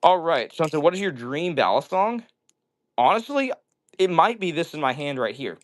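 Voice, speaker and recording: During a casual indoor livestream, the male host jokes and reads viewer comments out loud. His fairly high voice is very animated, though he speaks at a normal pace.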